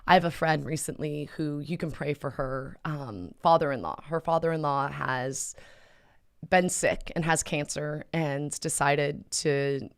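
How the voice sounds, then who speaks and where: A woman hosting a casual question-and-answer video, talking gently and conversationally with frequent fillers and restarts. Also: low voice, a little slow, vocal fry, clean tone. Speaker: host answering viewer questions; mother. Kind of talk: casual spoken Q&A.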